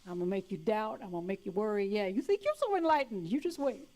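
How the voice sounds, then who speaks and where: A woman's voice: medium pitch, expressive, quick pace, a little mellow, close to an everyday voice. A woman voicing a sly inner demon that taunts and sneers, in a sermon. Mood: taunting.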